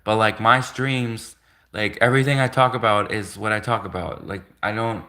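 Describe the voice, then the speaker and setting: Male streamer from Canada, bright tense tone, rambling chat full of fillers. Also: fairly low pitch, steady tone, normal speed. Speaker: livestreamer. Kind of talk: casual rambling livestream chat.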